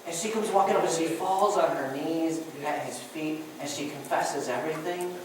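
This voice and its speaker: A woman preacher giving a sermon, telling the story in an animated way with many restarts. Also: low-pitched, normal speed, noisy background. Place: church sanctuary. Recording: echoey church hall, mic far off.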